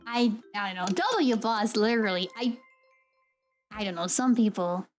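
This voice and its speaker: A young woman streamer chatting casually with her viewers, telling an animated, ranting story and laughing often. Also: mid-range voice, moderate pace, faint music behind. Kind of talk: casual live-stream chat.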